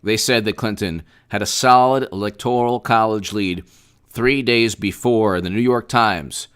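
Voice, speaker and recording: A man hosting a casual political commentary livestream, animated and repetitive, often restarting his sentences and speaking straight to viewers. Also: on the low side, unhurried, clean tone. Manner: animated, repetitive, mock-quoting opponents, frequent restarts.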